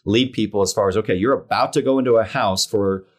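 A man's voice: fairly low pitch, quick pace. A man hosting an interview, asking long conversational questions. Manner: conversational, rambling questions, frequent "mm" listening sounds. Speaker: interviewer host.

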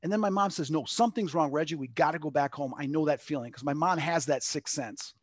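Higher-voiced man telling a rambling story. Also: quick pace, dry recording, studio quality. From Long Island, New York. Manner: rambling, acts out quotes with lots of "like". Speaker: medium, guest. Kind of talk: personal storytelling in an interview.

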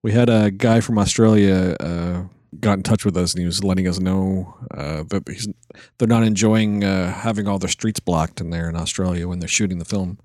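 A man hosting a comedy podcast, joking around with deadpan sarcasm. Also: low-pitched, normal speed, studio quality. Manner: jokey, playful, deadpan sarcasm. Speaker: podcast host. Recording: echoey reverb added on purpose.

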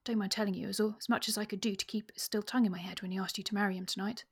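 A woman reading aloud the part of a plain-spoken, slangy young gentleman who proposes, in a soft, hushed voice. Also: mid-range voice, steady tone, racing, breathy edge, close to an everyday voice. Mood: earnest.

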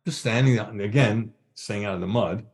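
An older man with a lowish voice tells a long story in an easygoing, chatty way. He slips into other people's voices and sounds out drum beats as he goes. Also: fairly quick. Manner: animated anecdote-telling, acting out voices and drum sounds. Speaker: guest drummer. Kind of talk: casual storytelling.

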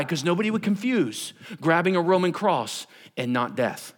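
A male pastor delivering a lively sermon, his pitch swinging widely as he preaches. He talks in a casual, animated way, slipping into everyday voices for the people in the story. His voice sits a touch higher than most men's. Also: normal speed, few pauses.

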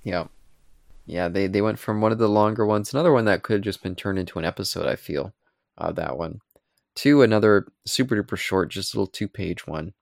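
A man co-hosting a podcast, retelling comic scenes in a casual, animated way and acting out the characters' lines. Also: fairly low pitch, brisk, creaky, dry recording, clean studio sound. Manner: animated retelling with acted-out quotes. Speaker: podcast co-host. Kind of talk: casual comic book discussion.

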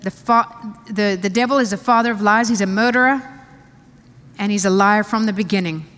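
A woman's voice: mid-range voice, fairly bright tone. Emphatic woman preaching in a reverberant hall. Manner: emphatic, repeats phrases, reads scripture aloud. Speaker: pastor. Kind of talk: sermon.

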